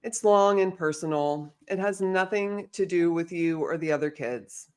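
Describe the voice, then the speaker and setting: A woman reading a kind, uneasy young female camp counselor in a table read, speaking softly and hesitantly. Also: on the low side, normal speed, clean tone, close to an everyday voice. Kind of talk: amateur script table read.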